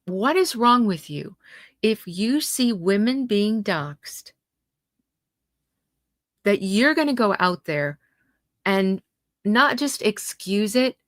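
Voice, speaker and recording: A woman's voice: a little high, dry recording, clean studio sound. A middle-aged woman hosting a livestream, talking passionately and indignantly, reacting to her viewers' comments. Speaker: host.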